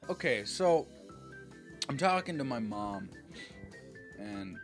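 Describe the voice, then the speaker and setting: A young man co-hosting a casual podcast chat, rambling and stammering, often breaking into laughter and loud mock outbursts. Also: medium pitch, big pitch swings, slow, music in the background. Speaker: podcast co-host.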